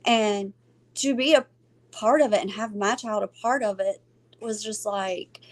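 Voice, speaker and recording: A woman's voice: mid-range voice, unhurried. A middle-aged woman, telling a family story in casual chat and acting out the voices of the people in it. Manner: animated, acts out quoted voices, laughs often. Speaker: podcast co-host.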